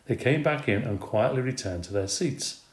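A man narrating a children's storybook with expressive, animated reading. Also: mid-range voice, moderate pace. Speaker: reader. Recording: roomy recording.

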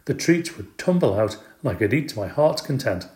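Storybook narrator, adult man, playful and expressive, mid-pitched, recorded in an echoey room. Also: a little fast. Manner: expressive, playful, does character voices. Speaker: audiobook reader.

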